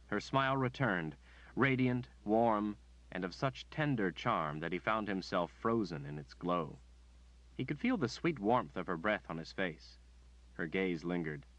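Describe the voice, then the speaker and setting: A man narrating an audiobook in a measured storytelling manner. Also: deep voice, animated, fairly bright tone, muffled recording. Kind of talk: scripted narration.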